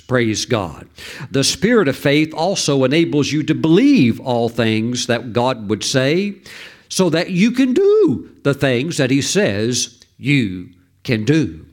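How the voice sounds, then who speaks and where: Male pastor preaching with animated storytelling. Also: mid-range voice, measured pace. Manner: storytelling, with frequent fillers and restarts. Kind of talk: sermon.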